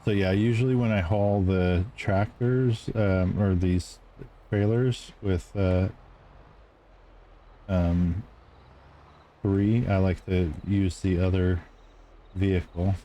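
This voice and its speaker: A man's voice: deep voice, dark tone, a little hiss or hum. A man streaming a farming game, talking casually with many ums and uhs as he plays. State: clearing throat, dusty room. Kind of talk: casual gameplay commentary.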